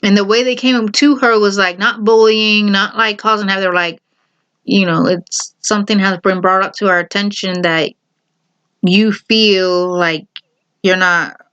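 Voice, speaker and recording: A woman talks through her opinions in a casual vlog, with a clear, smooth voice. She speaks straight to her viewers and drives each point home by saying it again and again. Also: mid-range voice, steady tone, normal speed, a bit bright, highs cut off. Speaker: vlogger.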